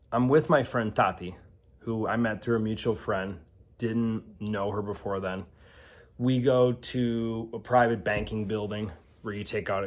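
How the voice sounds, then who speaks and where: A forty-year-old man from the American Midwest talks to camera in a low voice. He tells his stories in an easygoing way, wanders into asides, and fills gaps with "um" and "uh". His delivery stays conversational and unscripted throughout. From Milwaukee, USA. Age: 40s. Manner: conversational, rambling with asides and fillers. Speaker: vlogger. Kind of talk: casual storytelling to camera.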